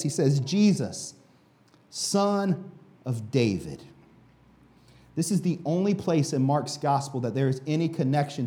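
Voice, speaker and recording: A man's voice: high-pitched, mellow. A male pastor giving a sermon in a casual, conversational way with many fillers.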